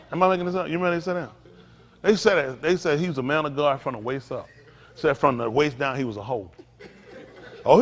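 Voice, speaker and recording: A man preaching a conversational sermon to his congregation, with frequent asides to the room. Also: a little high. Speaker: pastor. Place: synagogue sanctuary. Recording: long hall reverb.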